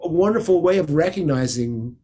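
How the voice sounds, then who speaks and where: A man's voice: fairly high pitch, lively intonation, fairly quick, dark tone. A man from the United States, a guest guitarist, chatting casually in an interview as an enthusiastic, rambling storyteller.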